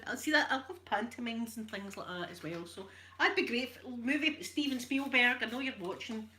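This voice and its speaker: A woman's voice: on the high side, fairly quick, bright, forceful tone. A middle-aged woman with a Scottish accent chatting casually and joking through an ASMR ironing video, laughing often. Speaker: ASMR creator.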